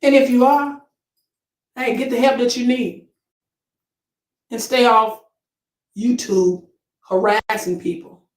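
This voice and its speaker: A woman's voice: a little high, fairly even intonation, slow pace, pauses often, reverberant, poor audio. A woman hosting a casual commentary channel, reading viewer comments and reacting emphatically and preachily. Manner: emphatic, preachy, exclaims to the Lord.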